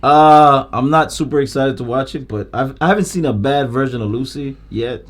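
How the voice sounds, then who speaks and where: A man's voice: medium pitch, normal speed. A man co-hosting a casual trailer reaction chat, laid-back and blunt. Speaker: co-host.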